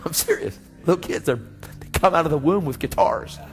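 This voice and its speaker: A man's voice: fairly high pitch, moderate pace. Slangy preacher man in an echoey church. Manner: animated storytelling, slangy, acting out dialogue. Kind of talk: storytelling sermon. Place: church sanctuary. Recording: church hall reverb with faint music.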